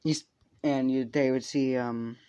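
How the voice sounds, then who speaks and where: A man's voice: medium pitch, fairly even intonation, measured pace, dark tone, clear, resonant tone. A young man casually improvising a fan story, rambling with fillers, laughs and swearing.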